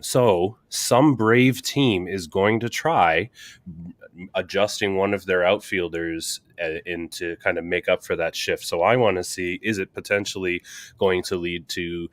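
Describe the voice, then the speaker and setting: A man's voice: sits low, a little slow, dry recording. A Canadian man co-hosting a casual sports podcast, chatting, joking and reading out viewer comments. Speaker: podcast co-host.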